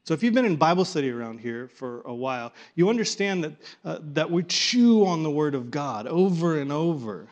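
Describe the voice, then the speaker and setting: Male Bible teacher, slightly high voice, animated and repetitive, pulls the group in. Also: moderate pace, hardly any pauses. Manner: animated, repeats and restarts words, coaxes the group to join in. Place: room with a live group.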